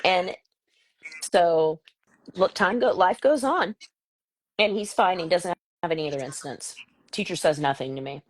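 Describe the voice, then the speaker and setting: Low husky woman telling a story. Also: moderate pace, pauses often, no echo, low-quality recording. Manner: animated storytelling with voiced quotes. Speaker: host; mother telling a story about her son. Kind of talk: casual live-stream chat.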